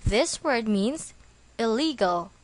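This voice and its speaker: A woman reading a scripted English vocabulary lesson, slow and deliberate, spelling words out letter by letter. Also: on the high side, animated, no room sound. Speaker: English teacher.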